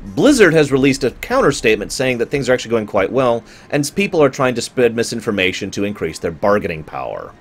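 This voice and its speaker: A man's voice: medium pitch, big pitch swings, fast, few pauses, breathy edge, soft background music. A man streaming and chatting casually with his viewers, rambling and correcting himself as he goes. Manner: rambling, conversational, self-correcting; talks to chat viewers.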